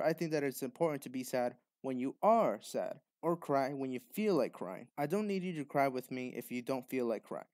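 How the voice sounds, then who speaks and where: A man speaks straight into the mic in a blunt, lecturing tone, addressing the viewer as he argues his point. His pitch sits in an ordinary middle range. The recording is close and completely dry, with no room sound around him. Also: darkish tone, dry recording. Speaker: video essayist. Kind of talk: opinionated commentary monologue.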